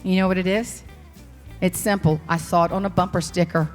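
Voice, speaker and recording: A woman with a Southern US accent, a motivational speaker telling folksy, animated stories in a humorous keynote. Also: lowish voice, fairly quick, big-room sound, soft background music. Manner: animated, folksy, slips into character voices. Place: large hall on stage.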